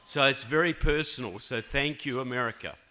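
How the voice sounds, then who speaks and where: A man's voice: mid-range voice, fairly quick, sharp tone, a little hiss or hum. A man in his fifties from New Zealand with a New Zealand accent, giving a keynote speech at a political convention and often checking in with the crowd. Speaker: keynote speaker. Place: large conference hall. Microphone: handheld or podium mic.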